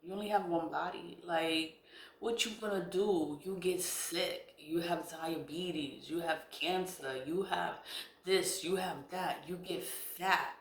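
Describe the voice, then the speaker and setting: A woman's voice: on the low side, steady tone, slow. Blunt, swearing woman in a roomy space. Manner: blunt and candid, swears freely, laughs between lines. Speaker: spiritual content creator. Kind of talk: casual personal storytelling. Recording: roomy echo.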